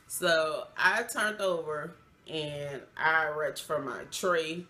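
Low-voiced woman. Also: slow. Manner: emotional, animated retelling with acted quotes; loose, chatty, many fillers. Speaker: vlogger. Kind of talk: casual storytime.

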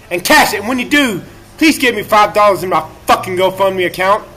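A man ranting on a livestream in a profane, erratic, self-pitying way, breaking into shouts at times, recorded in a laundromat. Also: sits high, lively intonation, brisk.

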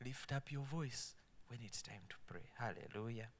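A man preaching a sermon, quoting scripture emphatically and dropping to soft asides. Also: mid-range voice, moderate pace. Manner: emphatic, swinging between loud proclamation and soft asides.

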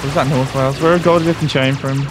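A man's voice: mid-range voice, steady tone, quick pace. A man playing along in a casual game session, joking, swearing and putting on a mock accent. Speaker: co-player. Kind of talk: casual gameplay chat. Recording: game music underneath.

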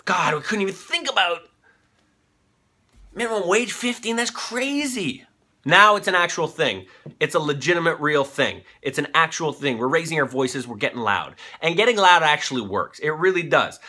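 Animated, bright-voiced ranting male host. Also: fairly high pitch, normal speed. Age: 30s. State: on cold medication. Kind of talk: comedic news commentary.

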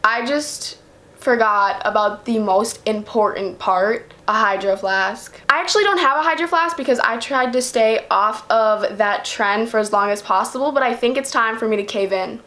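A young woman talks straight to her camera in a casual vlog, her voice sitting a little high. She rambles in a chatty way, filling pauses with "like" and "um". She sounds like she is at home, sitting at her makeup vanity. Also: sharp tone. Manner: chatty, lots of fillers like "like" and "um". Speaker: vlogger.

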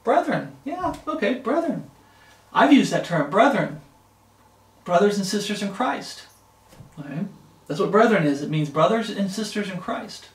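A man's voice: high-pitched, animated, moderate pace, pauses often, reverberant, recorded from a distance. A man preaching a Bible study sermon, emphatic and repetitive, often checking in with "okay?". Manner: emphatic, repeats words, frequent "okay?".

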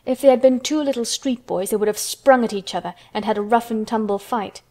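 Woman reading a storybook aloud. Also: a little high. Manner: steady, measured narration.

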